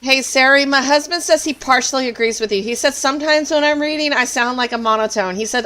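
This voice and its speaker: A woman's voice: high-pitched, moderate pace, few pauses, bright, forceful tone. A woman with a Southern drawl, chatting casually on a live stream while she plays, laughing easily. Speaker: game streamer.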